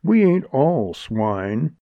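A man voicing an easygoing outlaw who speaks in a relaxed, scornful frontier drawl. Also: mid-range voice, drawn-out words, no echo, voice pushed up, exaggerated voice. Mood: easy, scornful. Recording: dull lo-fi audiobook recording.

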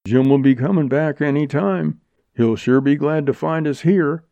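A man voicing an easygoing outlaw who speaks in a relaxed, scornful frontier drawl. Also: a little high, moderate pace, gravelly, no room sound, voice pushed up. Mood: easy, scornful. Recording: dull lo-fi audiobook recording.

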